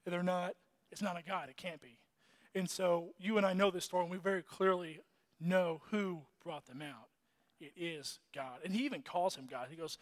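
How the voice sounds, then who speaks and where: High-voiced man preaching casually. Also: moderate pace. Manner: conversational, restarts and fillers, chuckles. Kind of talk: casual sermon.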